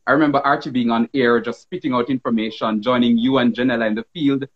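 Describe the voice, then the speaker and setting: Jamaican male reporter, husky, measured delivery, dull lo-fi stream sound. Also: mid-range voice, steady tone. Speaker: TV news reporter. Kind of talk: casual panel chat.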